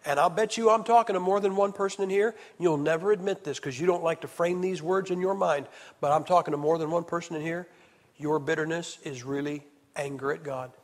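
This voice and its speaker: A man preaching an evangelist's sermon at a camp meeting, swinging from loud to hushed. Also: on the high side, brisk. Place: church hall. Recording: reverberant hall sound.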